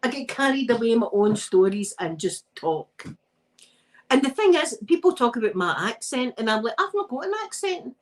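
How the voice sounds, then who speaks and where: A woman's voice: a little high, lively intonation, moderate pace, rough recording. A Scottish woman chatting on a live stream while she irons, telling rambling stories and laughing often. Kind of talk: casual chat while ironing.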